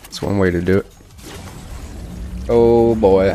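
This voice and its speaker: A man streaming a video game, talking through the action in casual commentary with excitable, self-mocking reactions. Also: mid-range voice, unhurried, faint music behind. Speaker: gaming streamer.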